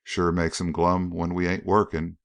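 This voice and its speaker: A man's voice: low-pitched, flat delivery, normal speed. A man doing a drawling young backwoods farmhand. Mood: grumbling, easygoing.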